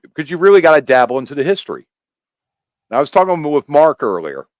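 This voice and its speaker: A man from the United States, a podcast guest talking in a casual chat, explaining in a rambling, animated way with many restarts. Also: on the high side, fast, no room sound.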